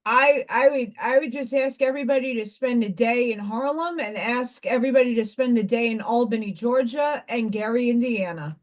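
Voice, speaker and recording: A woman's voice: a little high, normal speed, few pauses. A woman hosting a casual livestream, talking in a rambling, emphatic way and greeting viewers by name between her points. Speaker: livestream host and school teacher.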